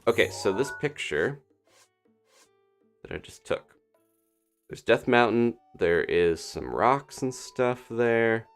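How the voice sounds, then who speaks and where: A man casually commentating his own gameplay on a live stream, chatting and thinking aloud with quick little laughs. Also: mid-range voice, expressive, soft background music. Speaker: gaming streamer.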